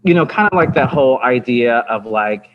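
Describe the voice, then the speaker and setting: With a medium-pitched voice, lively intonation and a moderate pace, a male dance teacher talks casually on a podcast, rambling and full of fillers and restarts. The audio is slightly dull and lo-fi, carrying faint ambience.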